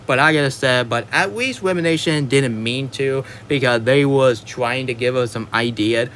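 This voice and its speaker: Male movie reviewer, mid-pitched, frustrated rambling rant with lots of stumbles, faint background noise. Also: normal speed, a bit bright. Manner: exasperated, rambling, stumbles over words and apologizes. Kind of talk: ranting film review monologue.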